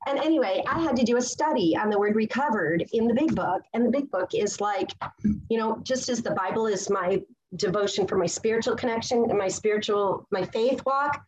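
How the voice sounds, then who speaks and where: A fairly high-pitched woman in her forties shares a personal testimony at a recovery meeting, bubbling over with excitement and pausing now and then to search for the right word. The recording is low quality, with a slight hiss or hum.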